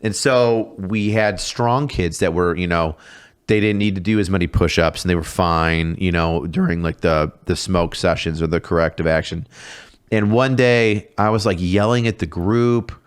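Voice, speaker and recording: Man, thirties, lowish voice, casual profane storytelling, ex drill sergeant. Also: moderate pace, clear, resonant tone. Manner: animated, profane, acts out shouted exchanges. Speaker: podcast guest, former drill sergeant.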